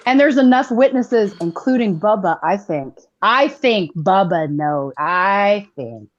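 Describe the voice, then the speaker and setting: A woman co-hosting a casual political chat show, talking in an animated, sarcastic way with swearing. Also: medium pitch, takes it slowly, highs cut off. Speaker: podcast co-host.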